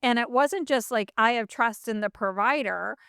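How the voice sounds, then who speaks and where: A woman's voice: on the high side, normal speed, gravelly, sharp tone, clean tone, no room sound, clean studio sound. A middle-aged woman hosting a podcast, telling a story casually and animatedly, with many fillers and acted-out quotes. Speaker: podcast host.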